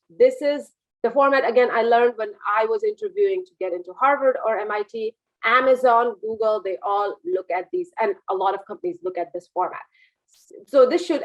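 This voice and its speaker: A woman giving a mentoring webinar talk over a video call, lively and demonstrative, moving her energy up and down. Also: fairly high pitch, rough recording. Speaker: business speaker and mentor.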